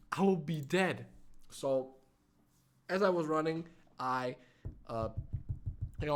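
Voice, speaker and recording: Young man, slightly high pitch, casual storytime, heavy swearing, many fillers. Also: sharp tone. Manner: swears a lot, many fillers, non-native phrasing. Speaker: vlogger.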